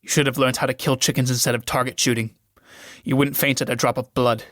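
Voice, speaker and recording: A man's voice: mid-range voice, level tone, quick pace, a bit bright, dry recording, clean studio sound, natural voice. A man reading the part of a curt, scornful young male valet in a solo reading of a stage play, giving clipped orders. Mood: curt impatient. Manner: clipped, dismissive commands.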